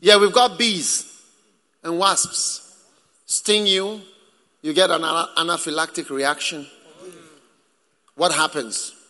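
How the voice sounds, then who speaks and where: A man preaching a sermon in a church, lively and joking with the congregation. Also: on the high side, slow, long pauses. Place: church hall. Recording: echoey hall with long reverb.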